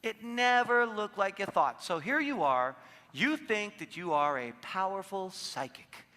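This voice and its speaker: A man with a high, bright voice speaking to an audience in a large hall. He tells his stories with animation, acting out each person's lines. The long reverb of the room trails after his words. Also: lively intonation, unhurried. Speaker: seminar speaker. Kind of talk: live seminar talk.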